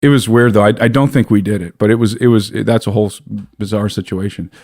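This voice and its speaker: An American man, a podcast guest, telling a story in an animated way, often breaking off and restarting his sentences. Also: lowish voice, quick pace, dry recording, clean studio sound. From United States. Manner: animated, self-interrupting storyteller. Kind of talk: casual storytelling.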